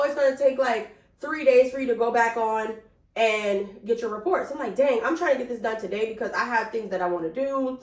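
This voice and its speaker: A young woman telling a casual storytime vlog, animated and chatty, swearing freely and calling her viewers y'all. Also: fairly high pitch, roomy sound. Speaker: vlogger.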